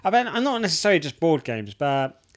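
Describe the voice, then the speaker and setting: A man's voice: fairly high pitch, very animated, fast talker. Ranting, swearing man. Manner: ranting, swears freely, restarts often. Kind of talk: casual chat.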